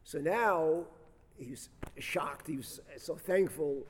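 A man preaching as a rabbi, telling a story with dramatic swings between loud bursts and soft, quiet reflection. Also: a little high, takes it slowly, slightly rough. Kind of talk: sermon storytelling. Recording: long hall reverb.

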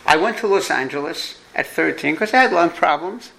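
A man's voice: a little high, animated, normal speed, creaky, sharp tone, low-quality recording. A man from New York with a New York accent, giving a parenting lecture to an audience, emphatic and repeating his key points, with jokey asides.

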